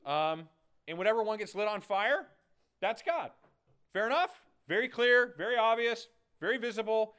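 A man's voice: high-pitched, moderate pace, bright, forceful tone, smooth. A man preaching a sermon in a playful, conversational way, often checking in with "okay?". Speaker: pastor.

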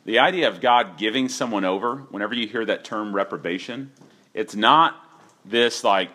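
Male pastor, sermon delivery, low-pitched and forceful, conversational with bursts of shouted dramatization. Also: lively intonation, normal speed, a little hiss or hum. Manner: conversational preaching, questions to the congregation; acts out voices with sudden loud shouts.

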